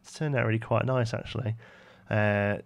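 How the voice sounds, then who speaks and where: On a live stream, a man with a Brummie accent from the West Midlands, England builds while chatting, reading chat aloud and answering his viewers. His low-side voice is creaky and steady in tone at a normal speed, recorded dry.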